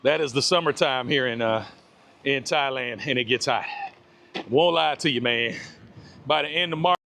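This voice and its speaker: A man's voice: medium pitch, moderate pace, gravelly, bright, forceful tone. A man walking outdoors on a live stream, chatting casually with viewers and greeting them by name. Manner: laid-back, greets chat viewers by name. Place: outdoors on a walk.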